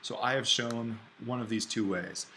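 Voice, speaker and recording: A man teaching an online Greek grammar lesson, thinking aloud and slowing down to spell out each form. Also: mid-range voice, steady tone, sharp tone, slight background noise. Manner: explains step by step, thinking aloud; slows down to spell out Greek forms.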